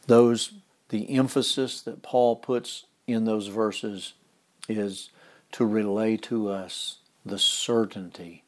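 A man preaching a sermon, reading scripture aloud and explaining it in an emphatic, deliberate way, dropping some phrases to a whisper. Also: lowish voice, darkish tone.

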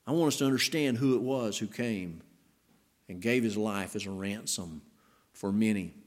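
A pastor preaches a sermon in a voice on the low side, alternating emphatic rising passages with hushed, slow phrases to stress key words.

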